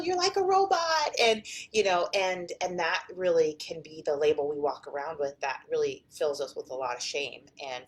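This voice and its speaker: A middle-aged woman, a therapist and wellness coach, talking casually to camera in a chatty, rambling way with many fillers and restarts. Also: low voice.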